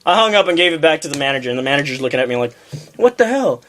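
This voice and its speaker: A man's voice: mid-range voice, lively intonation, racing, sharp tone, a little hiss or hum. A young man co-hosting a casual homemade podcast, ranting profanely through a work story and mimicking the people in it. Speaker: podcast co-host. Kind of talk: casual chat.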